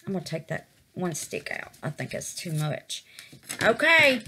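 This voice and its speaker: A middle-aged woman with a lowish, sing-song voice that's sharp and slightly rough speaks a little slowly while doing resin crafts on camera. Chatty and casual, she calls her viewers babies and exclaims to the Lord.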